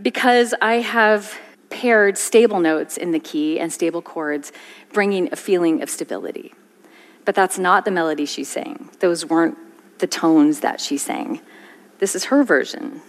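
Woman teaching songwriting on stage, lively and demonstrative, long hall reverb. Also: lowish voice. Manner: expressive, demonstrative, sings short examples. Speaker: songwriting teacher giving a talk. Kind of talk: stage talk.

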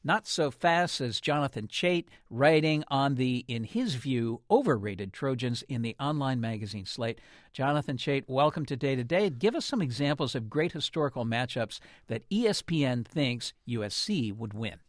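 A man hosting a public radio news interview from a studio, asking brisk, lightly wry questions. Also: mid-range voice, animated, no room sound. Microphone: studio mic.

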